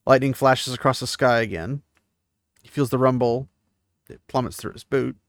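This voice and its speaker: A man's voice: mid-range voice, steady tone, normal speed, no echo, studio quality. A man giving a casual chapter recap, paraphrasing the story and breaking in with offhand asides. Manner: paraphrases the text, mixing reading with offhand asides. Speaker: book series recap host.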